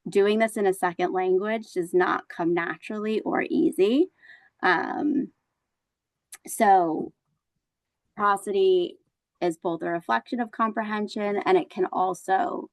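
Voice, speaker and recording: A woman's voice: medium pitch, dry recording, rough recording. A woman presents a teacher-training webinar over a video call, explaining points earnestly with frequent fillers. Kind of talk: online professional development presentation.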